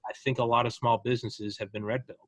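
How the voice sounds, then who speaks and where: A man talking politics on a podcast in a lively, profane way, often slipping into other people's voices to act them out. His voice sits in a middle register. The recording is dry and close, with no room sound. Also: medium pitch, very fast, no room sound. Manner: animated, profane, acts out quoted people. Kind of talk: casual political chat.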